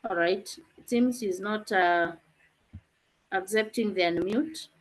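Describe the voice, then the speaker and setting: A woman's voice: medium pitch, slow. A woman teacher explaining answers and calling on students in an online revision class over a video call.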